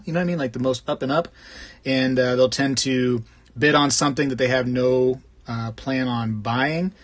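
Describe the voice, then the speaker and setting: A man's voice: mid-range voice, a bit bright. A man hosting a casual live stream, chatting and joking as he greets viewers by name and rambles between topics. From Florida. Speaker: host of a live coin collecting stream.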